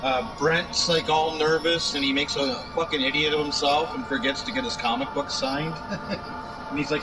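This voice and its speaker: Man, podcast host, casual chat, rambling, lots of restarts, loud background music. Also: on the high side, steady tone, normal speed, distant mic, poor audio. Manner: rambling, with many restarts and fillers. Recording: loud music playing over the talk.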